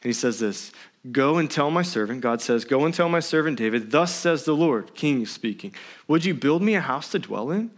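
A man preaching a sermon as pastor in a church, swinging between loud emphatic lines and hushed near-whispers. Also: mid-range voice, lively intonation, moderate pace.

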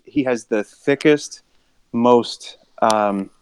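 A man's voice: mid-range voice, very slow, a little mellow, clean tone. A man co-hosting a podcast, chatting casually in a rambling way with frequent restarts. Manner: rambling, restarts often, laughs a lot. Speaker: podcast co-host. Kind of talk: casual chat.

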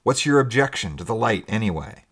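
A man voicing a gruff but kind fisherman who talks bluntly and roughly. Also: lowish voice, lively intonation, fairly quick, fairly bright tone, exaggerated voice.

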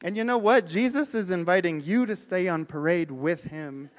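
A man's voice: high voice, normal speed. A man preaching a sermon as pastor, telling stories and putting questions to the congregation. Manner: storytelling, asks the congregation questions. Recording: long hall reverb.

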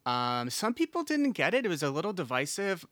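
Bright-voiced man co-hosting a podcast. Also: fairly high pitch, huge pitch swings, brisk, no echo. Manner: rambling, laughs often, swears casually. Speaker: podcast co-host. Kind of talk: casual podcast chat.

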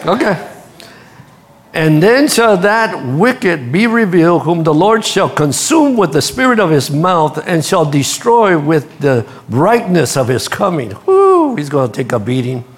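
A man preaching a sermon, telling stories with lively energy and speaking straight to his congregation. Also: fairly high pitch, measured pace. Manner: animated storytelling, acts out quotes, laughs at his own stories; addresses the congregation directly. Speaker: pastor.

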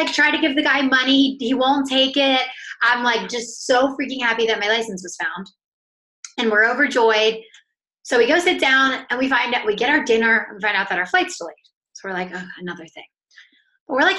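A woman with a bright, clear voice, a guest on a podcast. She chats in an upbeat, lively way and acts out the dialogue of her story as she goes. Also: fairly high pitch, brisk. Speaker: author and coach, guest. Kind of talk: casual storytelling in a podcast interview.

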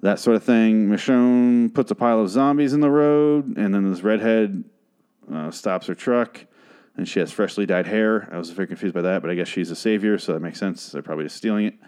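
A man casually recapping a TV episode in a sarcastic, profane, rambling way, sometimes trailing off into quiet mutters. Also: fairly low pitch, a little fast, clean tone. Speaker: show recap host.

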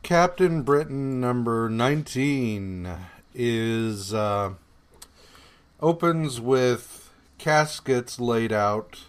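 A man's voice: mid-range voice, lively intonation, very slow, clear, resonant tone. A man co-hosting a podcast, recapping comic issues in casual chat with lots of fillers, swearing and sarcastic paraphrases of the characters. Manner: meandering, profane, many fillers and hesitations. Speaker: podcast co-host.

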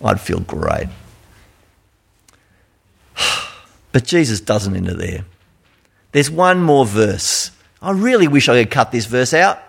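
A man with an Australian accent preaching a sermon in an animated, conversational storytelling manner. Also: medium pitch, slow, gravelly, long pauses, breathy edge.

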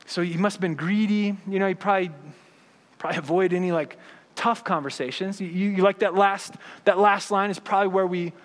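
Pastor preaching in a echoing church. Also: male voice, high voice, fairly even intonation, fairly quick. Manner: conversational, frequent "right?" and "like". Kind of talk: sermon.

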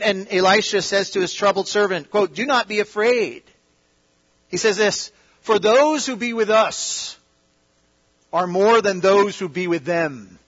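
A man delivers a sermon in a high, bright-edged voice. He builds to loud, emphatic peaks and then drops to quiet, confiding asides. The recording is dull and lo-fi, as if taped from a church auditorium. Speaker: pastor.

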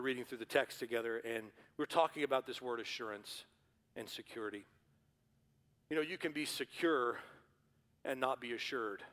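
A man preaching a sermon as pastor in a church, building to forceful repeated refrains. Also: medium pitch. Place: church sanctuary. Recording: hall reverb.

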